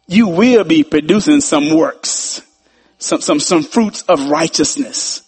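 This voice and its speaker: A man delivers a sermon with a slightly husky, somewhat high voice. He preaches in an animated way, repeating his phrases for emphasis and slipping into quoted voices as he makes his points. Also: slow pace.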